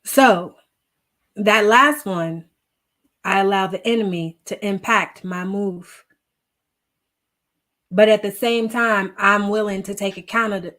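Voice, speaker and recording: A woman's voice: mid-range voice, a bit bright. A woman hosting a live devotional, earnest and tearful, talking directly to her viewers. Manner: earnest, emotional, reads viewer comments aloud. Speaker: devotional livestream host. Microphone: livestream.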